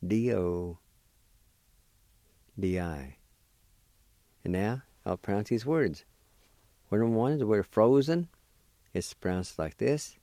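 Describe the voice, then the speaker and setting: A man teaching a language lesson, spelling and pronouncing words slowly and patiently, letter by letter. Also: lowish voice, warm tone, no echo. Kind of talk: slow spelling and pronunciation lesson.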